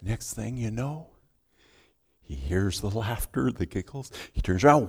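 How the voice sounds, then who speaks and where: A man's voice: fairly low pitch, expressive, unhurried, vocal fry, husky. A man preaching a sermon as a pastor, telling a story and acting out its scenes. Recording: long hall reverb.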